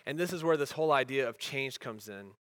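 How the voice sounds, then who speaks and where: A man preaching a sermon as a pastor, earnest, rising to emphatic peaks and dropping to soft, quiet lines. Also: medium pitch, lively intonation, a little fast, no echo.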